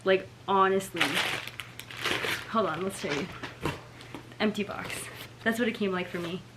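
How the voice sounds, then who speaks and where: A woman's voice: mid-range voice, measured pace, very noisy. Dismayed young woman unboxing books. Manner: dismayed, lots of "like" and "oh my gosh". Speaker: book vlogger. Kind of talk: casual unboxing chat.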